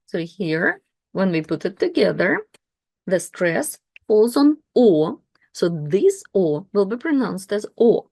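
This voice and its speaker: A woman's voice: mid-range voice, very animated, takes it slowly, creaky, dark tone, no room sound. A woman teaching reading, spelling out letters and repeating each word three times. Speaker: Russian language teacher. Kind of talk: slow pronunciation lesson.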